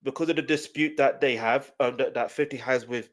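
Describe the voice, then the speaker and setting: A man from South London with a South London accent, chatting loosely on a reaction live stream, animated and rambling, repeating his phrases. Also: mid-range voice, brisk. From South London, England.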